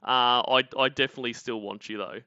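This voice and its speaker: Stream host, Australian man: bright, forceful voice, loose and profane, a bit dull on the mic. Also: mid-range voice, steady tone, fast, smooth. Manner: laughing, sweary banter. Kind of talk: casual commentary chat.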